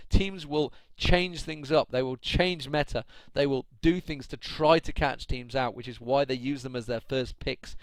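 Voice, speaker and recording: A man streams his own match commentary, chatting and laughing as he answers his viewers. His voice sits at an ordinary middle pitch and is recorded dry and close, with no room around it. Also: a little slow, hardly any pauses, no room sound. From United Kingdom. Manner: chatty, laughing, ranting at chat. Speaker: esports caster. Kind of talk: solo live stream commentary.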